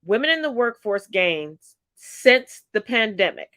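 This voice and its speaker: A woman hosting a solo political commentary show, congested and stuffy-nosed, reading out figures in a measured, deliberate way. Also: on the high side, sing-song, fairly bright tone, no echo.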